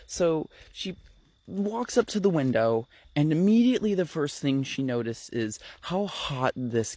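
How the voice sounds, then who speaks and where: A man's voice: fairly high pitch, darkish tone, no echo. Chatty man retelling a book. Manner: chatty, swears, repeats words for effect. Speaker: book recap storyteller. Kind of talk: casual storytelling.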